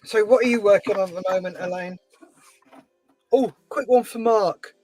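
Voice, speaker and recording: Chatty guy, fairly high voice, telling stories while he works on a model kit. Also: normal speed, faint music behind, low-quality recording. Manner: chatty storyteller, animated voices in anecdotes. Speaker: scale-model livestream host. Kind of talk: casual chat while building a model.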